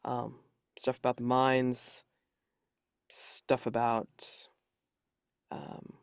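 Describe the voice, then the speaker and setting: A man's voice: medium pitch, monotone, very slow, vocal fry, clean tone. A man narrates as game master of a tabletop game, talking in a casual, rambling way full of fillers. The sound is close and dry, with no room echo.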